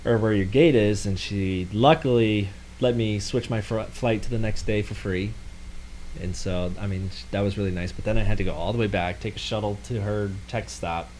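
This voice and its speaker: A man's voice: fairly low pitch, normal speed, darkish tone, a little hiss or hum, low-quality recording. Laughing man recounting a travel mishap. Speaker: podcast co-host. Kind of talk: casual chat.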